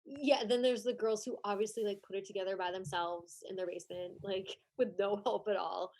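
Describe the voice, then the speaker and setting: Young woman on a podcast, chatty, says like a lot, laughs easy, normal mid pitch. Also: steady tone, a little fast, a little mellow. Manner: chatty, laughs often, heavy use of "like". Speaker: podcast guest, former pageant contestant and judge. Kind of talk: casual podcast chat.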